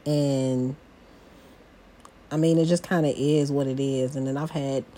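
A woman's voice: very deep voice, fairly even intonation, a little slow, mellow. A young adult woman hosting a personal podcast, chatty and confiding as she talks straight to her listeners. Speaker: podcast host. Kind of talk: casual personal podcast talk.

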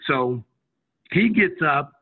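Middle-aged man, ex-player storyteller, lively quotes, tinny radio sound. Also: on the high side, slow pace, gravelly, breathy edge. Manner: animated, acts out quotes of others. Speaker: former college basketball player telling a story. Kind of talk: casual storytelling on a radio show. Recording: tinny phone-like radio audio.

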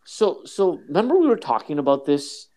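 A man with a somewhat high voice co-hosting a casual podcast. He needles his partner with sarcastic, teasing interjections and playful fact checks. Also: big pitch swings, normal speed, dark tone. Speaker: podcast co-host.

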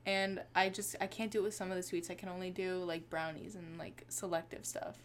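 A woman's voice: on the low side, steady tone, a little fast, slight background noise. A young woman co-hosting a podcast, gushing and chatting casually with lots of filler words. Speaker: podcast co-host. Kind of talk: casual chat.

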